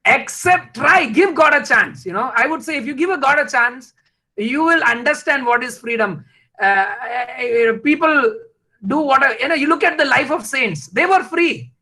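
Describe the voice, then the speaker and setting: A man giving an emotional, rhetorical motivational talk full of halting restarts. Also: extremely high pitch, sharp tone, low-quality recording. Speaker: invited speaker.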